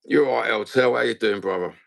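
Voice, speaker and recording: A man's voice: medium pitch, fast talker, gravelly. A man with a Cockney accent hosting a casual fan livestream, blunt, sweary and rambling. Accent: London Cockney. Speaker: fan channel host.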